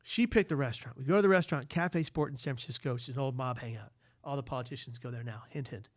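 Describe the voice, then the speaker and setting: A man from the United States, a podcast guest, telling a long story in a lively way and acting out the voices. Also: medium pitch, dry recording, studio quality. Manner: lively, acts out voices, quick asides. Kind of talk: animated storytelling in conversation.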